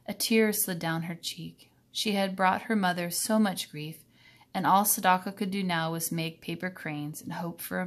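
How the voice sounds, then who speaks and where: Woman, reading a children's book aloud, calm even tone, lowish voice. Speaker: reader.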